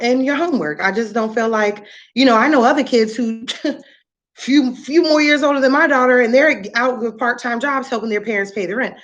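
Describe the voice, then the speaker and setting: A woman's voice: on the high side, fairly bright tone. Exasperated woman venting on a livestream. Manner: exasperated, profane, rambling venting. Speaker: livestreaming parent. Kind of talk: casual ranting livestream. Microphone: phone or webcam, livestream.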